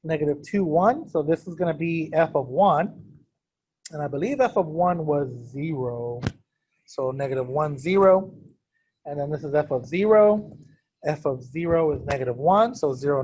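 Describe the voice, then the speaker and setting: Joking man teaching a math class, higher-pitched. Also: animated, moderate pace, a little mellow, slightly rough. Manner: casual, keeps quizzing the class; joking, self-deprecating. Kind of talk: classroom lecture. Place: classroom with students also on a video call.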